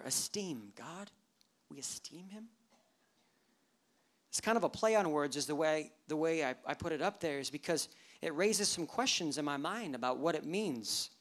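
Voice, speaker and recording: A pastor giving a church sermon, talking in a lively way, asking the congregation rhetorical questions and dropping joking asides. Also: mid-range voice. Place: church service.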